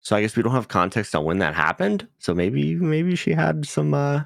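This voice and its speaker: A man co-hosting a casual podcast chat, animated and prone to loud mocking asides. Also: on the high side, moderate pace, vocal fry, no echo, studio quality. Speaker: podcast co-host.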